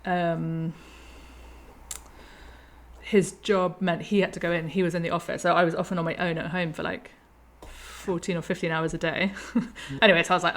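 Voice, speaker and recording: A woman in her thirties hosting a conversation, thoughtful and quick to laugh. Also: lowish voice, little pitch movement. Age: 30s. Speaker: podcast host. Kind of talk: reflective conversation.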